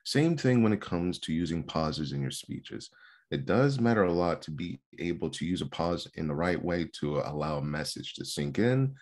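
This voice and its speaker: A man's voice: deep voice, animated, moderate pace, a little mellow. A male speech instructor giving an earnest seminar lecture on vocal delivery, stressing points by repeating words. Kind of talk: seminar lecture on public speaking.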